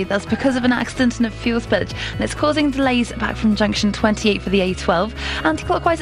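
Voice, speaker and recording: Woman doing the traffic report, fairly high voice, music playing under it. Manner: brisk, matter-of-fact. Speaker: travel news reporter. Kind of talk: radio travel bulletin and banter. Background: music bed.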